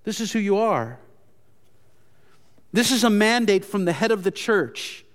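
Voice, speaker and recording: A pastor delivering an earnest sermon in a fairly high voice, repeating key phrases for emphasis. His words trail off into a long reverb, as in a church sanctuary. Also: animated, measured pace. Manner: earnest, repetitive restarts, emphatic.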